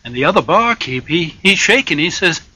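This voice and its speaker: Lively folksy male storyteller, raspy. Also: on the high side, fairly quick, no room sound. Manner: lively folksy storytelling, drops to loud whispers for suspense. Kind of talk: told folk tale with sung bits.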